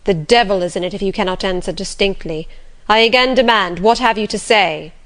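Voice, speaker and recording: A woman voicing a stern, proud male gentleman who speaks in curt, commanding lines. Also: fairly quick, natural voice. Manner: curt, commanding, low muttering.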